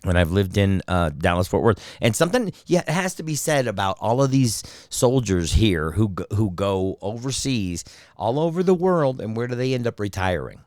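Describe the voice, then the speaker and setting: A man on a podcast as a guest voice actor, chatting casually and telling profane stories with quick impressions. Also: fairly low pitch, big pitch swings, darkish tone, no room sound, studio quality. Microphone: studio mic.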